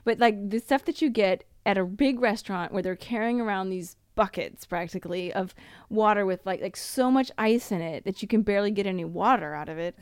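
A woman's voice: medium pitch, fairly quick, clear, resonant tone, no echo. Woman podcast co-host, middle-aged, from the US, emphatic, dry studio sound. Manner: animated, acts out little scenes; teasing, emphatic. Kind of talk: casual chat.

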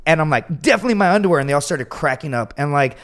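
A man telling a crude story in casual chat, animated and profane, acting out the quotes loudly. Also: fairly high pitch, rapid-fire. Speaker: podcast guest telling a story.

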